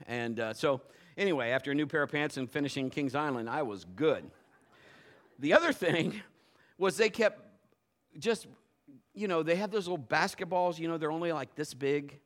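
A middle-aged pastor preaches a sermon at normal speed, his animated voice on the high side. He tells folksy personal stories, swinging between quiet asides and loud, emphatic points.

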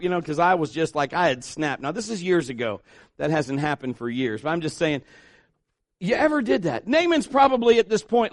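A male pastor preaching a sermon in an animated, joking way, acting out the voices of the people he talks about. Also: fairly high pitch, brisk, no room sound.

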